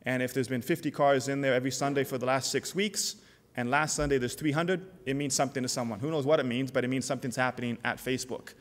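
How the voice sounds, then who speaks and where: A middle-aged man from Canada delivers a conference keynote in a loose, anecdotal way. He talks at a mid pitch, full of "uh"s and restarts. His voice rings with the long reverb of a large hall. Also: fairly even intonation, fast. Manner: casual, anecdotal, many fillers and restarts. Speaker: keynote speaker, company CEO.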